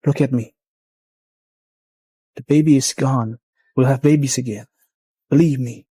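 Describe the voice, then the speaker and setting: An actor dubbing a devoted, possessive young man who speaks softly but insistently. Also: mid-range voice, fairly even intonation, a little slow, slightly rough, no room sound, clean studio sound. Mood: tender. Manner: soft, insistent. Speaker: wealthy male lead. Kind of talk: dubbed drama acting.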